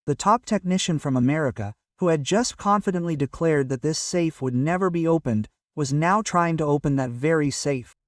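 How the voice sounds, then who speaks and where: A man reading a scripted story aloud in an even storytelling manner, voicing every quote in the same voice. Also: fairly high pitch, moderate pace, few pauses, no echo, clean studio sound, recorded from a distance. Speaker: narrator.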